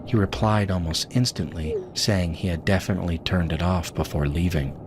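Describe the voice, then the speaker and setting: A man narrating a scripted horror story in a measured, steady way. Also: low voice, background noise. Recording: voice-over with music behind.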